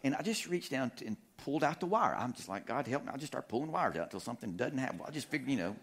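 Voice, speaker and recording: A male pastor telling a humorous story in a sermon, animated and full of restarts. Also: mid-range voice, very fast, gravelly, husky. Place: church sanctuary.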